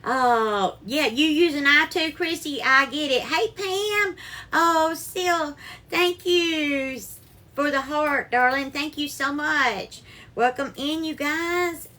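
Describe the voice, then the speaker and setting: A woman chats her way through a live cooking stream, her voice high and bright with a sharp edge. She greets viewers one by one by name and calls them darling while she cooks. It sounds picked up by a phone in a home kitchen. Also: slow.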